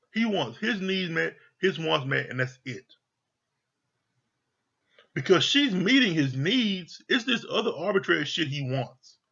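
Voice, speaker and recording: A man's voice: fairly high pitch, gravelly, a bit bright, slightly rough, highs cut off. A man giving a heated, profane rant reviewing a reality TV show, exasperated and repeating his points for emphasis.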